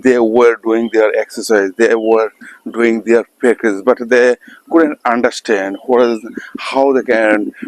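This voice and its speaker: A man with a Bengali accent talks on his own in English, his first language being Bengali. He speaks haltingly, with frequent ums and restarted phrases. His voice sits at an ordinary middle pitch. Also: steady tone, dry recording, rough recording. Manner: halting, many fillers and repeated restarts. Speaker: English learner vlogger. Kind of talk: casual monologue practicing spoken English.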